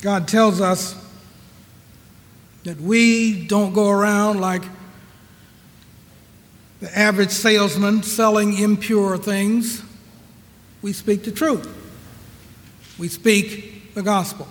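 A man preaching in a notably high voice, drawing out each phrase at a slow, deliberate pace. He leans on repeated rhetorical questions, and his words ring out with a long echo of the hall. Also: fairly even intonation. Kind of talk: sermon.

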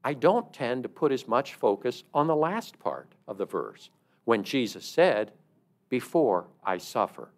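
A man's voice: medium pitch, sing-song, a little slow. A middle-aged man preaching a sermon in a conversational, storytelling way, stressing words emphatically.

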